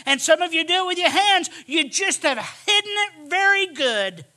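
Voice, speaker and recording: A man preaching a sermon, emphatic and repetitive, swinging from hushed asides to shouted lines. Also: very high voice, animated, moderate pace.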